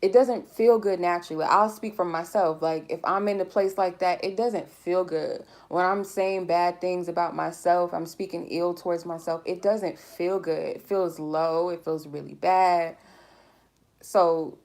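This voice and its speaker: A woman's voice: on the low side, steady tone, unhurried, darkish tone. A woman giving a collective tarot reading in a casual, rambling way, speaking candidly and swearing freely. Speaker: tarot reader.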